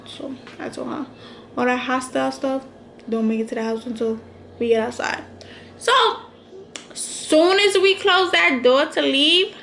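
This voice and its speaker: A young adult woman vlogger, telling a storytime with animated, slangy quotes. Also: fairly high pitch, gravelly, roomy sound, a little hiss or hum. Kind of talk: storytime vlog.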